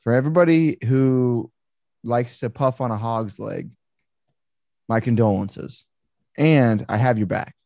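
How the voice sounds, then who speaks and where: A man co-hosting a casual podcast, telling a story with animated, exasperated swearing. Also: medium pitch, measured pace, creaky, long pauses, no room sound. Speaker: podcast co-host. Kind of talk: casual chat.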